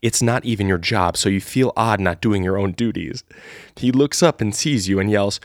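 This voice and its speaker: A man's voice: lowish voice, moderate pace, no room sound, clean studio sound. A man casually reading an AI-written adventure story live for the first time, laughing at it along the way. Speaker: storyteller and host.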